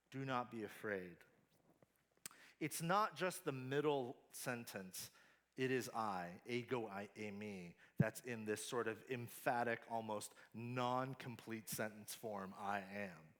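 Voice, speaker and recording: A man's voice: a little high, a bit bright. A man giving a sermon as a pastor, talking in a loose, conversational way with many filler words and turning emphatic at key points.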